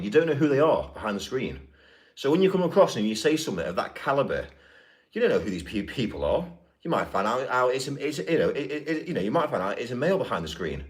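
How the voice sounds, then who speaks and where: A man hosting a livestream, talking casually and haltingly, restarting and repeating himself. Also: medium pitch. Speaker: livestream host.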